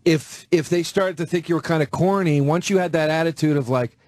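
Higher-voiced comedian, dry studio sound. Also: male voice, fairly quick, dry recording. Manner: excited, profane anecdotes. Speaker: stand-up comedian. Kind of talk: casual radio chat.

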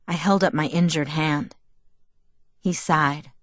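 Low-voiced woman narrating a novel. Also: fairly even intonation, slow, long pauses, dry recording. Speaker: audiobook narrator. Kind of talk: first-person novel narration.

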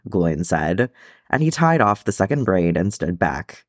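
A man reading a fan fiction chapter aloud in an expressive storytelling manner. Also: low-pitched, a little slow, no echo, studio quality. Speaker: audiobook reader.

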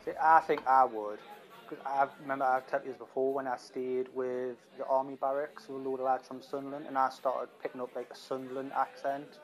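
A man's voice: medium pitch, flat delivery, fairly quick, rough recording. A man from South Shields with a South Shields accent, chatting casually on a podcast in a matter-of-fact way. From South Shields, North East England. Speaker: podcast co-host. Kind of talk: casual chat.

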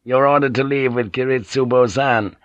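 A man voicing a stern older lord in an audiobook, crisp and irritable. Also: mid-range voice, fairly even intonation, moderate pace, no room sound, lo-fi sound, pitched above the performer's own voice, lightly acted. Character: stern older male lord, harsh disciplinarian. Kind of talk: audiobook character reading.

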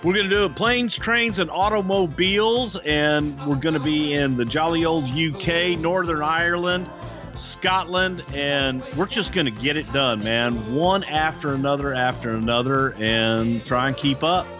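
A man's voice: on the high side, measured pace, over music. A man co-hosting a podcast, telling stories in a folksy, chuckling way. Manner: folksy, chuckling, colorful sayings. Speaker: podcast co-host. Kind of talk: casual storytelling chat.

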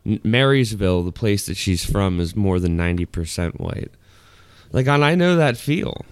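Low-voiced, crude male podcast host. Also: animated, moderate pace, clean tone, no room sound. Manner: profane, loose, laughs often. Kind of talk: casual podcast chat.

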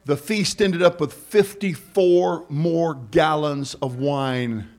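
Preaching pastor, fairly high male voice. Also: slow pace. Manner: preaching with call-and-response, building to shouts; humorous, conversational asides. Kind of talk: sermon. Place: church sanctuary.

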